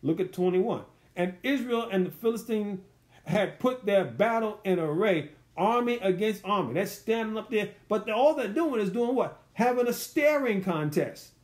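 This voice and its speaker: A man's voice: high-pitched, lively intonation, moderate pace, darkish tone. A man leading a verse-by-verse Bible study, teaching in a loose, conversational way and putting rhetorical questions to his listeners. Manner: loose, colloquial phrasing.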